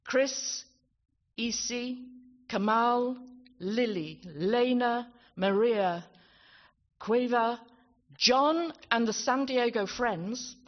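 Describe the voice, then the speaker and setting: A woman's voice: on the high side, very slow. A woman presenting at a conference closing ceremony, chatty and self-deprecating, stumbling over her words. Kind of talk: live thank-you speech on stage. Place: conference hall with audience. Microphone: handheld microphone. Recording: dull hall sound with crowd behind.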